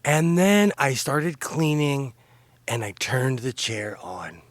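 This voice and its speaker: Slow-talking giggly man, dry sound. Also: medium pitch, very animated, dry recording. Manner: giggly, keeps breaking into laughter. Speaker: sewing vlogger. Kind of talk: casual show-and-tell vlog. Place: home sewing room.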